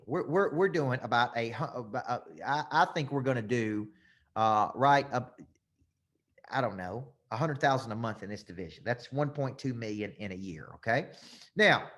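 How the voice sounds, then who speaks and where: A man, a business coach teaching a live webinar over a computer mic, getting worked up and repeating phrases for emphasis. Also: mid-range voice.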